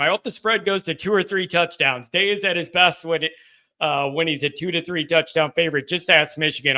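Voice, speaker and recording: A man's voice: a little high, bright, forceful tone. A man hosting a live call-in sports talk show, blunt and combative as he answers viewers. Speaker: show host.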